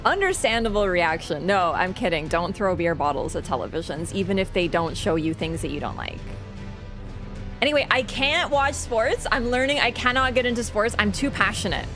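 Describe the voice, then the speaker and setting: A woman's voice: medium pitch, normal speed, music in the background. A young woman streaming a game, chatting casually and ranting with lots of fillers and swearing. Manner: animated, swears freely, rants with many fillers. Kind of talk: casual livestream chat.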